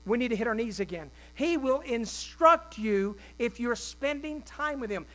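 A male pastor preaching a sermon in a folksy, animated way, with quick asides and acted-out quotes. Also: extremely high pitch, poor audio. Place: church.

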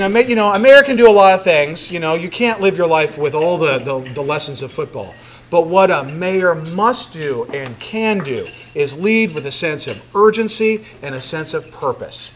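A man's voice: a little high, a bit bright, a little hiss or hum. Man giving a chatty public speech. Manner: conversational and joking, with many fillers. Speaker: mayor giving a city address. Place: large banquet room.

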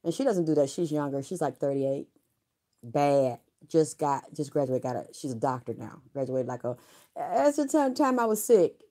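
A woman's voice: deep voice, expressive, moderate pace, dark tone. A middle-aged woman vlogging, telling her own story in a frank, rambling way with salty language. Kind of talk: candid personal storytelling.

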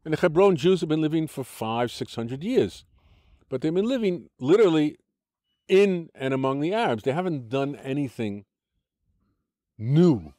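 A man's voice: a little high, very animated, moderate pace, mellow, dry recording, studio quality. An older American-born man with an American accent, giving an interview in an argumentative, lecturing way, restarting sentences often. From United States. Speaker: interview guest.

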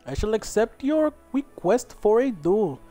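A stately, courteous warrior lord with a put-on Indian accent, as a man performs him. The delivery is slow and unhurried, and the pitch swings widely. Faint game music sits behind the voice. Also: very animated, warm tone. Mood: formal. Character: formal, proud male warrior lord.

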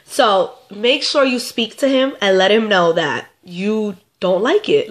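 A young woman with a stuffy, congested voice, talking casually to her camera. She gives relationship advice to her viewers in a chatty, repetitive way. Her pitch sits in the middle range. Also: measured pace. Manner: chatty, repeats herself, talks straight to viewers. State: stuffed up, getting sick. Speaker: vlogger answering viewer questions.

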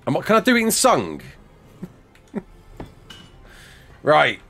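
A man's voice: a little high, huge pitch swings, slow, creaky, pushed and bright, faint music behind. A man streaming a game live, chatting and joking with viewers, laughing often, on a headset mic. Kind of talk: live gameplay chat.

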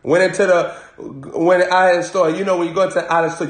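A man preaching in a humorous, animated way, laughing often and making rhythmic sound effects. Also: high voice, fast talker, roomy sound. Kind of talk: humorous live-streamed preaching.

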